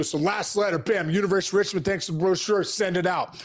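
A man in his forties with a notably high voice tells stories on a podcast. He talks in an energetic, casual way and slips into each character's voice when he quotes a conversation. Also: fast. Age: 40s. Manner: energetic, acts out quoted dialogue. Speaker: podcast guest. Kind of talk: casual storytelling.

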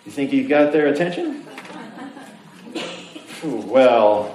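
Man, preacher, animated, jokey, acts out voices, higher-pitched, echoey room, faint noise. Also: slow pace, pauses often. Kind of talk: sermon. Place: church sanctuary. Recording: roomy, distant mic with faint noise.

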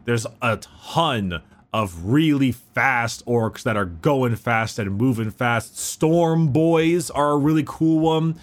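A man's voice: medium pitch, animated, slow pace. Eager man explaining game lore. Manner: enthusiastic, explains lore in a rush, swears freely. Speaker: podcast co-host. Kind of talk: casual chat.

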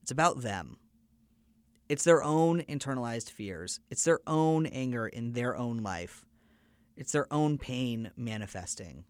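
A man at a mid-range pitch hosts his own podcast and talks straight to his listeners. He tells a story in an earnest, conversational way. His voice sounds dry and close, with almost no room around it. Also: lively intonation, a little slow, dry recording. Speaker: podcast host.

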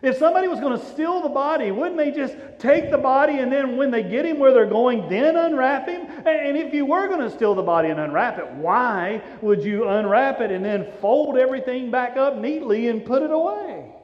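A high-voiced male pastor delivering a sermon in a dramatic storytelling way, swinging from loud urgency down to hushed softness. His voice rings through a long, echoing church hall. The recording is dull and lo-fi. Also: animated, fairly quick, few pauses. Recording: echoey hall, dull lo-fi sound.

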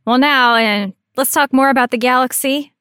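A woman's voice: sits high, steady tone, moderate pace, fairly bright tone, clear, resonant tone. A woman co-hosting a casual podcast, teasing her partner and laughing often. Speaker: podcast co-host.

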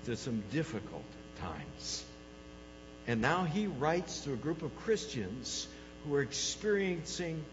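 Animated high-voiced preacher in a hall. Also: male voice. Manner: animated storytelling, swings from loud to hushed. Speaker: pastor. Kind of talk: sermon. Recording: dull reverberant hall with mains hum.

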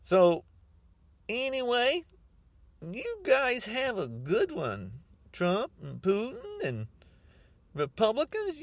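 A man's voice: very high voice, wildly swooping pitch, takes it slowly, pauses often, no room sound. A man podcasting a ranting political monologue, mocking and repeating himself.

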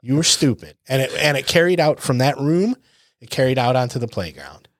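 A man's voice: mid-range voice, big pitch swings, a little fast, no room sound, studio quality. A man co-hosting a podcast, talking in a casual, reflective way and repeating points for emphasis. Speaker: podcast co-host. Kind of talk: casual chat.

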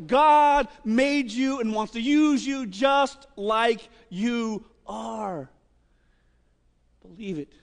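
A man preaching a sermon with impassioned emphasis and wide swings in loudness. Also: extremely high pitch. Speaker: pastor. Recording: long hall reverb.

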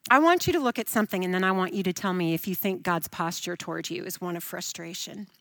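Expressive woman preacher, dry close sound. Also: on the low side, quick pace, dry recording. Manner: expressive, swings from emphatic to soft and hushed. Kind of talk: sermon.

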